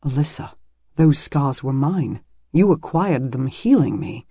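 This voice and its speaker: A man voicing a gentle, teasing medieval warrior who speaks low and tenderly. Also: lively intonation, a little slow, husky, dry recording, clean studio sound.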